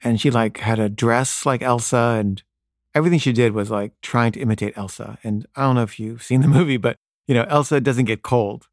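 A man's voice: fairly quick, dry recording, studio quality. A man in his thirties casually telling a personal anecdote, acting out the dialogue as he goes. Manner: casual, animated, acts out dialogue with rising pitch. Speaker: storyteller.

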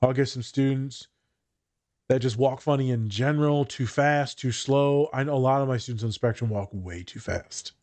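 A man hosting a casual podcast chat, laughing often and jumping into higher voices when he quotes people. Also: moderate pace, a little mellow, no room sound. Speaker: podcast host.

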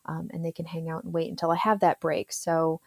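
A woman's voice: deep voice, completely flat delivery, fairly quick, gravelly, dry recording. A woman therapist, a podcast guest, chatting casually with frequent laughs and fillers. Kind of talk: casual interview chat.

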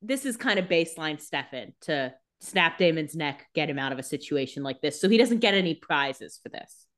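A woman's voice: deep voice, expressive, moderate pace. A woman co-hosting a casual podcast, giving sarcastic, joking commentary on a TV episode, with some swearing. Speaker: podcast co-host. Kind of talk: casual recap chat.

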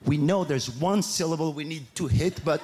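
A man with a French accent, a native French speaker, performing an animated, playful, self-mocking stand-up routine on a comedy stage. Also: on the high side, normal speed. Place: comedy stage before a live audience. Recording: live show with audience noise.

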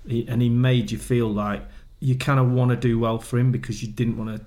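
Man, former footballer guest, storytelling, acts out quotes, mid pitch. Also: flat delivery, fairly quick, darkish tone. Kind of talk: casual chat.

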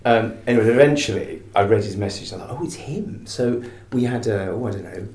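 A man's voice: on the low side, fast talker, darkish tone, roomy sound. A man stage actor speaking hesitantly and reflectively in an interview.

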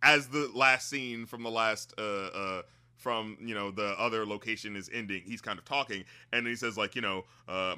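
A man co-hosting a podcast, reviewing a movie in casual, animated, profane chat full of fillers and laughter. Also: on the low side, normal speed, clean tone. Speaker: podcast co-host.

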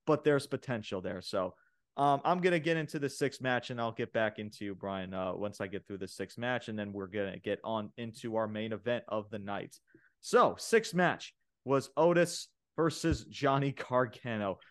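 A man co-hosting a wrestling podcast, recapping the show in casual chat, excitable and full of fillers and laughs. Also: on the low side, normal speed. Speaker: podcast co-host reviewing wrestling.

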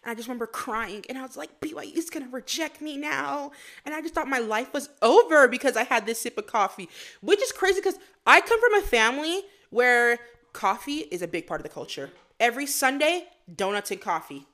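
A young woman from Florida chatting as a podcast guest. She talks in a lively, animated way and slips into acted-out quotes as she tells her stories. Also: high voice, fairly quick. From Florida, USA. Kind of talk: casual interview chat.

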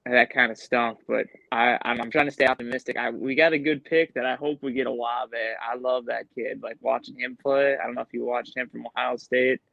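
A friendly guest from Wisconsin rambles through a casual podcast chat. His gravelly voice sits mid-pitch and comes through a dull, lo-fi line with a dry sound. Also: steady tone, fairly quick, hardly any pauses, a bit bright, dry recording. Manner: friendly, rambling, conflicted fan.

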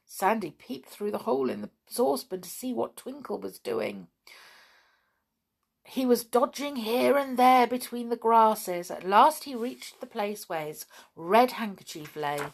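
A woman reading a children's story aloud in a slow, expressive way. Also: fairly high pitch, vocal fry.

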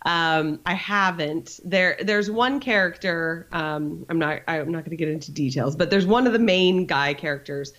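A woman's voice: on the low side, moderate pace, few pauses, fairly bright tone. A woman in her thirties, an author being interviewed on a podcast, telling candid stories with lots of fillers. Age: 30s. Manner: candid, storytelling with frequent fillers. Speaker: author guest.

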